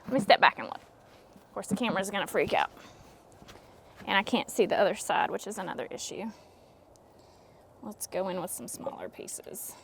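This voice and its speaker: Against a noisy background, a woman talks at a moderate pace with a medium pitch and some vocal fry, pausing often. As a craft vlogger arranging flowers indoors at home, she narrates casually how she's doing it, joking at her own expense.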